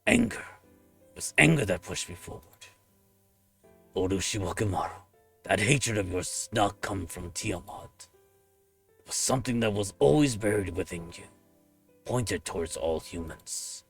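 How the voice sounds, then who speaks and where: A man voicing a loyal, solemn warrior monk with a gravelly voice, reading game dialogue in formal, deliberate speech. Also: sits low, animated, a bit bright, soft background music, heavily acted.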